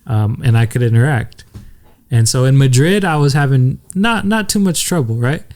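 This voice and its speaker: A man's voice: medium pitch, animated, normal speed, a little mellow. Young man telling a travel story. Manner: storytelling, acts out quoted voices. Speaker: podcast co-host. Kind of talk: casual chat.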